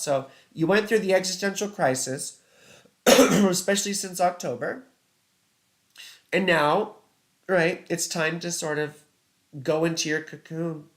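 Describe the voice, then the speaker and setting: A man hosting a casual live-stream of astrology chart readings, chatty and rambling, filling his talk with "you know" and "right". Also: on the high side. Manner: reads viewer comments aloud and laughs at own slips. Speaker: astrologer host.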